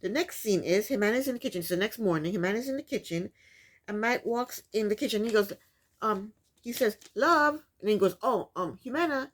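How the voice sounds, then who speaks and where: A woman host recapping a reality TV episode in casual commentary, incredulous and repeating her points for emphasis. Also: mid-range voice.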